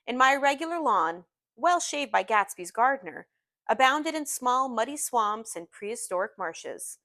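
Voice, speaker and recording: A woman teacher reading a novel aloud to her class in an expressive, measured storytelling manner. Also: fairly high pitch, dry recording, studio quality.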